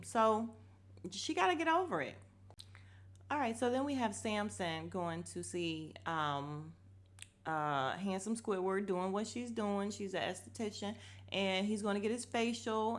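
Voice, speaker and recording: A woman's voice: medium pitch, a bit bright. A woman hosting a podcast, recapping a reality show in a blunt, opinionated way, swearing freely and getting heated when something annoys her. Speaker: podcast host.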